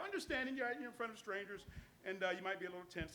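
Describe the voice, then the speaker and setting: A man's voice: extremely high pitch, fast, pushed and bright, roomy sound. A man performing as a stage magician, talking volunteers through a trick step by step with coaxing commands and jokes, at a live venue. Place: live cafe stage with audience.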